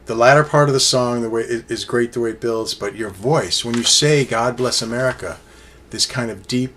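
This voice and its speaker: A man's voice: mid-range voice, brisk, a bit bright, slight background noise. A man casually reviewing an album on his own, rambling enthusiastically with many fillers and restarts. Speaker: music reviewer.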